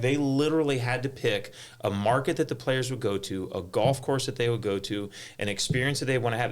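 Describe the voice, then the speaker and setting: A middle-aged man, a golf tournament director, telling stories in an animated way on a panel, full of "like" fillers. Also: mid-range voice. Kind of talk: panel conversation, storytelling.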